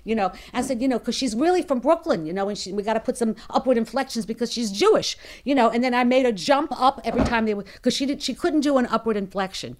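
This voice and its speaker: A woman with a New Orleans accent, a dialect coach, talking in a lively, animated way in an interview. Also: fairly high pitch, fairly quick. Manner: lively, talkative, animated storytelling.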